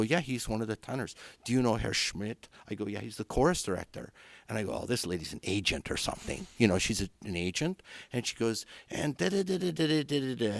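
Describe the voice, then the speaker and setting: A middle-aged man from Canada, a conductor guest telling anecdotes in an animated way and acting out the voices of people he quotes. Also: on the low side, dry recording. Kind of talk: anecdotal storytelling. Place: podcast studio.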